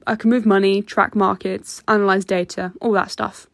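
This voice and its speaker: A woman's voice: mid-range voice, little pitch movement, normal speed, gravelly, dry recording, lightly acted. A woman voicing an eager young man applying for a job over the phone.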